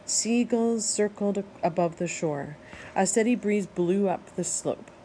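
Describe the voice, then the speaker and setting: A woman reading a children's novel aloud in a steady, expressive narration. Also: lowish voice, a little hiss or hum, rough recording. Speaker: audiobook reader. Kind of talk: storybook read-aloud narration.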